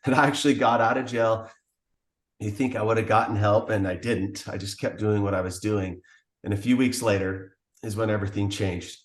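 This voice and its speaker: Man telling his story on a podcast, earnest, kinda low voice, echoey room. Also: fairly even intonation, moderate pace. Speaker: podcast guest. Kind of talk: personal testimony.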